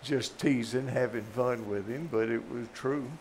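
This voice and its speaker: Older southern guy preaching, folksy jokes, gets loud on the big points, faint hiss behind. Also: medium pitch, steady tone, measured pace. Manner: storytelling, joking, rising to emphatic peaks. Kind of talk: folksy sermon.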